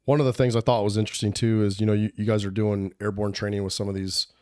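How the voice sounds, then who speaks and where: Low voiced guy hosting a podcast, easygoing questions, dry close mic. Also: level tone, quick pace, darkish tone, smooth, no echo. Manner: easygoing questions, says "you know" often. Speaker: podcast host. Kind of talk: casual interview.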